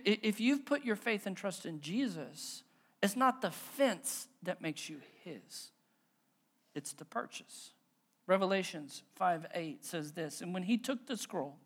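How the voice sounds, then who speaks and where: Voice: mid-range voice, fairly bright tone. Easygoing pastor doing a sermon, storytelling style, jokey and folksy, stumbles over words when he gets going. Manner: conversational storytelling, asks the congregation questions; folksy, self-deprecating humor.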